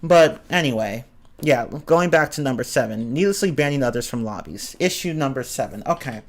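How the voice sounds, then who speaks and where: A man's voice: mid-range voice, expressive, fairly quick, slight background noise. A man giving a casual, exasperated rant, swearing often and stumbling over his words as he restarts sentences. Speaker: streamer ranting about online games.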